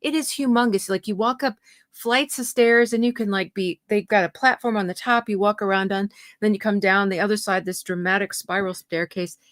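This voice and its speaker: A woman's voice: mid-range voice, fairly even intonation, fairly quick, fairly bright tone, no echo, clean studio sound. Chatty woman telling rambling stories. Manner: chatty, rambling anecdotes with quoted voices. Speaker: podcast co-host. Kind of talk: casual chat.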